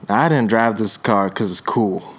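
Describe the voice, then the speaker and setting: A man doing an impression of a laid-back film actor, in a slow, lazy drawl. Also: on the low side, a bit bright, pitched below the performer's own voice.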